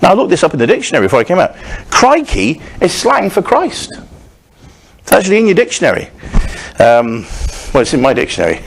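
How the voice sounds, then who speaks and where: A male pastor preaching with a very lively, swooping pitch. He talks in a loose, conversational way, restarting his sentences and dropping in humorous asides. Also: fairly quick, gravelly, long pauses, husky. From Scotland. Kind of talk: sermon.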